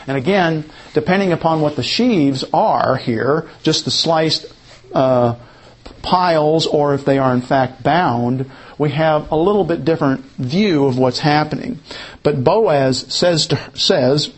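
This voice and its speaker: A man's voice: on the high side, a little slow. A man teaching verse by verse through a Bible passage, explaining a drawing as he goes, with frequent restarts and fillers.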